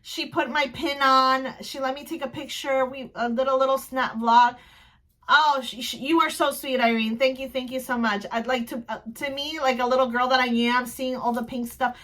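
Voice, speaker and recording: Woman vlogger from New Jersey, high voice, excitable and rambling, casual recap. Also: moderate pace. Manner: gushing, excitable, rambling with restarts.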